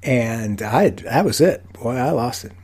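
An older man, a woodworker, telling a story in a casual, animated way with self-mocking dry humor. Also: mid-range voice, measured pace, slightly rough. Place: podcast recording.

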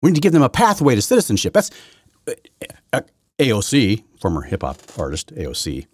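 A man hosting his own podcast from his basement, rambling through a political rant that swings from loud outbursts to low muttering, with many restarts. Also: wildly swooping pitch, a little fast, husky, dry recording. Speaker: podcast host. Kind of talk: solo political commentary rant. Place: home basement.

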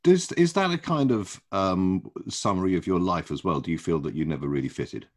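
Male interviewer, very deep voice, lively intonation, short probing questions. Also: brisk. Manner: probing, brief follow-up questions.

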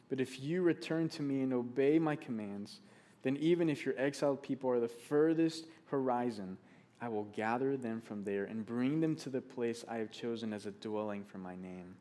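A man's voice: medium pitch, darkish tone. A man preaching a sermon, speaking earnestly, repeating key phrases for emphasis and reading scripture aloud.

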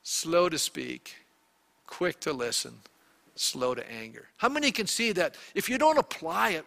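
Bright-voiced male pastor preaching. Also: high-pitched, gravelly, big-room sound. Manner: conversational preaching with rhetorical questions to the congregation. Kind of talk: sermon.

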